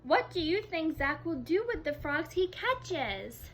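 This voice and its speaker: A woman teaching kindergarten, reading a story aloud in a slow, exaggerated sing-song way and gently encouraging the children. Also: high voice, sing-song, a little hiss or hum.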